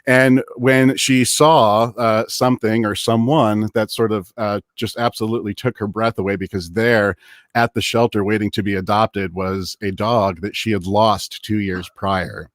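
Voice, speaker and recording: A man with a lowish voice co-hosts a casual live-streamed chat show. He talks loosely and eagerly, with plenty of filler words. The sound is close and dry, with no room around it. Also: unhurried, dry recording. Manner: chatty, many "uh" fillers, excitable. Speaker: podcast co-host.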